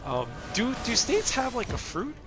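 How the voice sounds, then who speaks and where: A man's voice: extremely high pitch, wildly swooping pitch, moderate pace, over music. A man in his thirties giving casual, rambling commentary while playing a video game, laughing often. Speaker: gameplay streamer.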